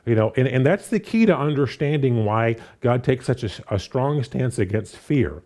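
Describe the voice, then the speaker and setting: A man's voice: medium pitch, moderate pace. A man preaching a sermon in a conversational way, reading scripture aloud, with frequent restarts and "you know" fillers. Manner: reads scripture aloud and paraphrases it with animated voices.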